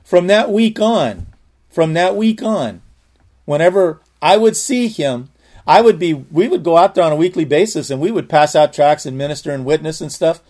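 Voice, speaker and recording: A man's voice: fairly high pitch, expressive, moderate pace, darkish tone. Earnest man preaching a testimony. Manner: earnest storytelling, frequent restarts. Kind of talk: sermon with personal testimony.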